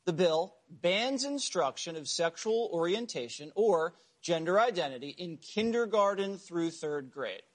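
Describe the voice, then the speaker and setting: A man's voice: high voice, lively intonation, unhurried, hardly any pauses. A man hosting an opinionated TV news show with a sarcastic, punchy delivery.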